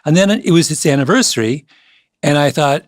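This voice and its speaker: Lively, high-voiced man telling stories. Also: a little fast, no echo, clean studio sound. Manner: animated, laughs often, acts out quoted voices. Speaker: podcast guest, author. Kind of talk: casual conversational storytelling.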